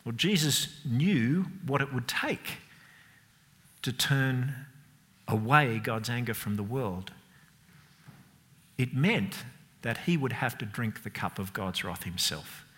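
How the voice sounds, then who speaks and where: Bright-voiced man preaching in a hall. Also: mid-range voice, slow pace, long pauses. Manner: expressive, swings between soft and emphatic, rhetorical questions. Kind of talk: sermon. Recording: long hall reverb.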